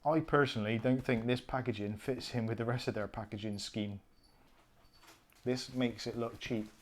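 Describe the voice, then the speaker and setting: A man hosting a casual live stream who jokes and thinks out loud while he unpacks gear. He gives blunt, opinionated asides as he goes. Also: mid-range voice, fairly even intonation, moderate pace, a little hiss or hum. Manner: chatty, jokey, thinks aloud while unpacking.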